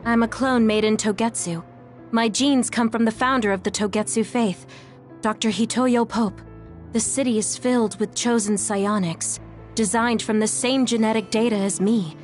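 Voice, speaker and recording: An actress playing a soft-spoken young woman who speaks calmly and matter-of-factly in a game cutscene. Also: fairly high pitch, normal speed, soft background music, lightly acted. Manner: calm, matter-of-fact.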